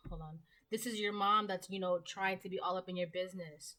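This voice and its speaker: A woman's voice: lowish voice, steady tone, brisk, few pauses, sharp tone. A woman giving a casual tarot reading to camera, chatty and rambling with many fillers and asides. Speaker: tarot reader.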